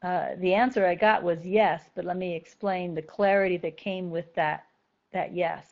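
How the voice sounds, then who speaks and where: A woman giving a spiritual talk to a group, gentle and thoughtful, repeating key phrases slowly to let them sink in. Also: lowish voice, fairly even intonation, gravelly, highs cut off. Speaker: spiritual teacher.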